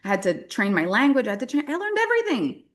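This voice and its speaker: A woman's voice: fairly high pitch, huge pitch swings, fast. A woman from French-speaking Canada giving a motivational workshop talk as a business coach, candid and self-deprecating, laughing often.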